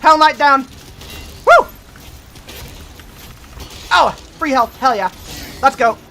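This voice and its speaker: A woman streamer giving live gameplay commentary, excitable, yelling and cursing at enemies and cheering her wins. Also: high-pitched, takes it slowly, faint music behind.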